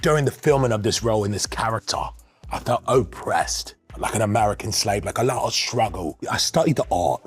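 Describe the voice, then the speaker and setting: A man's voice: lowish voice, expressive, fairly quick, slightly rough, faint music behind. A man doing a pompous Manchester actor. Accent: Manchester English. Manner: pretentious, rambling. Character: pompous male British film actor.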